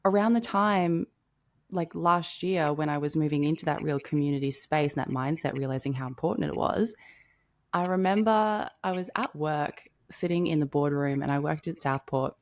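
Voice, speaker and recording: A woman's voice: low-pitched, normal speed. A young woman telling a personal story in a casual podcast chat, full of "like" and casual swearing. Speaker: podcast co-host.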